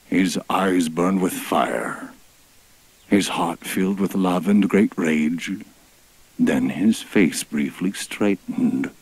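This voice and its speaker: A man with an extremely deep voice tells a comic rhyming tale. His delivery is theatrical and mock-epic, and he speaks slowly with a husky edge. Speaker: storyteller. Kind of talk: rhyming comic story narration.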